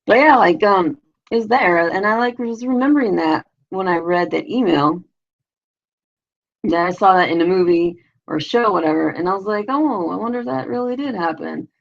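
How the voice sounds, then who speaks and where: A woman's voice: fairly low pitch, normal speed, creaky. A middle-aged woman hosting a live stream, chatting in a slangy, rambling way with lots of fillers and casual swearing. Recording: dull lo-fi live-stream audio.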